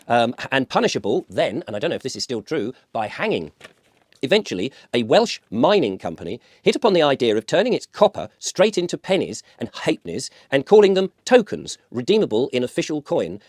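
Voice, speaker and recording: A British man in a wry, sarcastic monologue, now and then acting out little scenes. He talks quickly with a lively, rising and falling pitch. The recording is close and dry. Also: no room sound. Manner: acts out little scenes in put-on voices. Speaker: vlogger. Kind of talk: conversational monologue.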